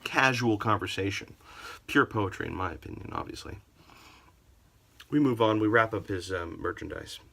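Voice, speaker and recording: A man narrating a comic storytime in a sarcastic, theatrical manner, his voice gravelly and husky. It is bright in tone and leaps between quiet asides and loud outbursts. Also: fairly low pitch. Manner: theatrical, sarcastic, wildly varied delivery.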